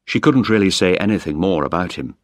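A man reads a story aloud in a deep voice that rises and falls expressively. He is close to the mic in a dry, dead-quiet space, clear and measured for learners. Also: lively intonation, no room sound. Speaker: narrator. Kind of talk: graded reader audiobook.

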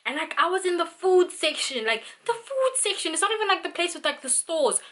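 A woman's voice: very high-pitched, very animated, a little fast, pushed and bright, a little hiss or hum. A young South African woman vlogging, ranting in an exasperated way with lots of fillers. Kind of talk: venting vlog monologue.

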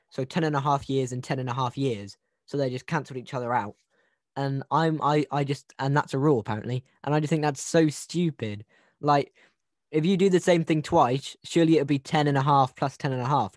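A man's voice: medium pitch, no echo, studio quality. A man hosting a casual podcast over a video call, retelling a true-crime case in a joking, rambling way with many restarts. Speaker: podcast host.

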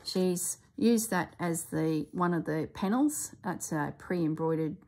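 A woman's voice: fairly low pitch, slow, darkish tone. A woman chatting casually as she reviews a craft book, exclaiming and thinking aloud, often trailing off mid-sentence.

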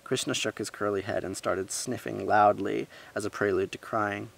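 A man with a low, gravelly voice reads a story aloud. He reads with life and gives each character a voice of its own. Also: moderate pace. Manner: lively reading, voicing characters, with asides.

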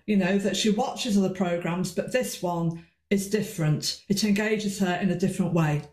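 A woman's voice: medium pitch, roomy sound. A woman giving an informal presentation to parents, chatty with restarts and sing-song stresses.

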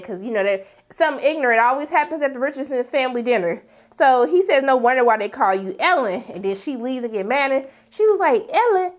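A woman recapping a TV episode in a casual vlog, telling it with sassy, dramatic reactions. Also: on the high side. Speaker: TV recap vlogger.

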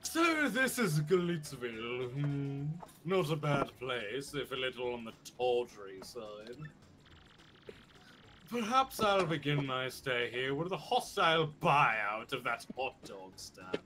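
Man putting on a pompous posh rich gentleman. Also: mid-range voice, big pitch swings, heavily acted. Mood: haughty. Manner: haughty, drawn-out upper-class delivery. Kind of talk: fan voice reading of game dialogue.

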